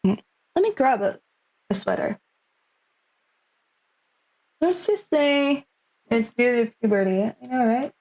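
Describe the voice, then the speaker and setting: A young woman with a slightly high voice reads visual novel text aloud during a stream. Between lines she chats and speculates, thinking out loud in a casual way. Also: big pitch swings, slow, long pauses, low-quality recording. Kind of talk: reading game text aloud and casual commentary.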